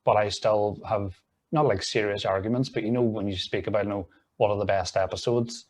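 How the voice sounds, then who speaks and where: A man's voice: fairly low pitch, fairly even intonation, fairly quick, a little mellow. A young man with a Northern Irish accent, chatting as a guest on a comedy podcast with sweary, jokey banter. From Northern Ireland. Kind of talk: casual comedy chat.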